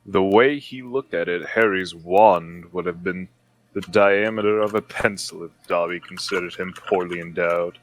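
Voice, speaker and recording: A man on a comedy podcast reading fan fiction aloud in a deadpan dramatic narration. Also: low-pitched, moderate pace, no room sound, low-quality recording.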